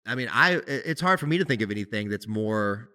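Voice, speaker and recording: Lively, bright-voiced man on a podcast. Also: on the low side, a little fast. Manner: animated, rambling with many restarts and laughs. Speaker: podcast co-host, musician. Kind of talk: casual conversation.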